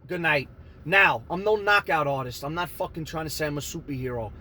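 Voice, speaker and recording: Loud, animated New man, storytime vlogger, crisp bright tone, slight background hiss. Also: fairly high pitch, brisk. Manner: animated, swears constantly, shouts out punches. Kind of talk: profane storytime monologue.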